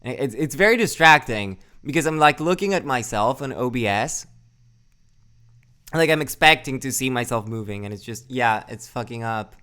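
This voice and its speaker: A man's voice: mid-range voice, animated, normal speed, pushed and bright, clean tone. Rambling, swearing young male streamer. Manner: rambling, swears a lot, answers chat; self-deprecating, laughs often. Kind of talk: casual live-stream chat.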